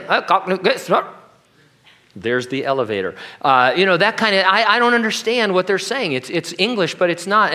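A pastor preaching a sermon in a conversational way, with jokey asides. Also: male voice, medium pitch, sharp tone.

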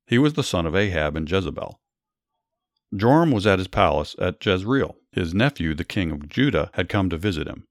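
A man narrates Bible stories and then explains them, reading in a measured, earnest way. His voice sits low. The sound is dry, with no room echo. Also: big pitch swings. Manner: measured, earnest reading, small restarts in commentary. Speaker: storyteller and Bible teacher. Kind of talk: Bible story narration with commentary.

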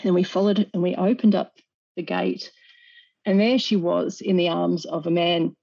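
A woman earnestly recounts a personal experience as a guest, often restarting her sentences and slipping in small nervous laughs. Her voice is mellow and soft-edged. The recording is dull and lo-fi. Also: lowish voice, level tone, moderate pace, vocal fry.

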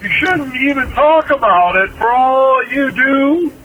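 A man playing a preachy male caller who scolds the host in a high, nagging voice over a phone message. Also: animated, slow, sharp tone, exaggerated voice. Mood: scolding. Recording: muffled phone message, faint hiss.

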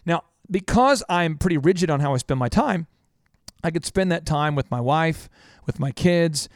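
A man with a high, bright voice tells stories on a business talk show, lively and animated as he mimics the people in them. The studio sound is close and dry, with no room around it. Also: normal speed, dry recording. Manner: animated storyteller, acts out quoted people. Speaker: business podcast host. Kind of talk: energetic talk show banter.

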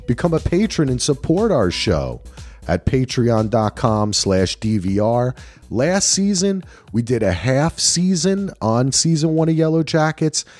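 A man's voice: medium pitch, a little mellow, no echo, studio quality. A man hosting a casual podcast, rambling and upbeat as he introduces guests and plugs the show. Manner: upbeat, rambling host patter. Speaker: podcast host.

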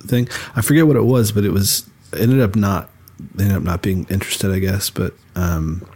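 A man co-hosting a podcast in relaxed chat, rambling with lots of fillers and restarts. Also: on the low side, normal speed. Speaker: podcast co-host. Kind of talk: casual chat.

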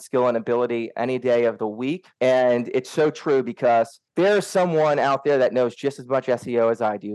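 An earnest young man gives a coaching talk on workplace attitude to his team, often tossing in a quick "right?" to check they follow. His voice sits at an ordinary middle pitch. The sound is dry and close, with no room echo. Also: darkish tone. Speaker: SEO team lead.

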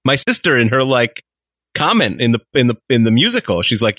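A man co-hosting a podcast, bantering casually with quick, joking remarks and questions. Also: medium pitch, sing-song, fairly bright tone, dry recording, clean studio sound. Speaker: podcast co-host.

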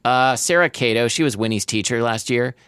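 A man's voice: medium pitch, a little fast, fairly bright tone, clean tone, no room sound, studio quality, close to an everyday voice. A man voicing a distracted young male nanny.

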